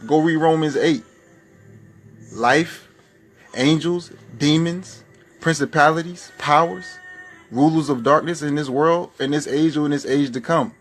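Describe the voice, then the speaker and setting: A man's voice: on the high side, steady tone, moderate pace, soft background music. A man preaching a spoken-word sermon, firing off fervent rhetorical questions.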